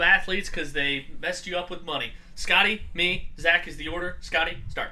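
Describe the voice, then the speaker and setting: A man hosts a loose sports betting podcast with a very bright, ringing tone. His voice sits a little high, and he keeps things moving by calling on each co-host in turn. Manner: quick, runs the segment order. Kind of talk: casual sports betting chat.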